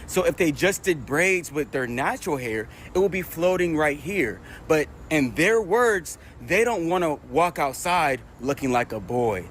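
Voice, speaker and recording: A man's voice: on the high side, slight background noise. A man explaining something to the camera outdoors in a matter-of-fact way.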